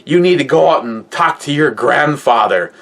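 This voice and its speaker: A man's voice: medium pitch, lively intonation, normal speed, vocal fry, a bit bright, pitched above the performer's own voice. A man voicing his stern elderly grandmother as she scolds him, in a slightly raised voice. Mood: scolding.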